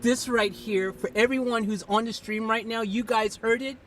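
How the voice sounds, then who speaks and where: A woman live streamer talking to her viewers and an AI assistant in an excitable, exasperated way, swinging between shouting and muttering. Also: on the high side, moderate pace. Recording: distant mic, faint background noise.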